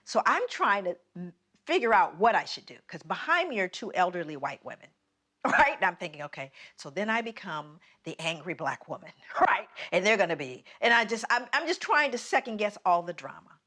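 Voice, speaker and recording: A woman telling a personal story in a casual conversation, animated and laughing now and then. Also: mid-range voice, brisk. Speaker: podcast guest.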